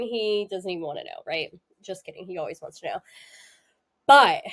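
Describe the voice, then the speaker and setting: A young woman hosting a casual astrology talk, chatty and candid, laughing often and using many fillers. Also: mid-range voice. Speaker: astrology host. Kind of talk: casual spiritual talk to camera.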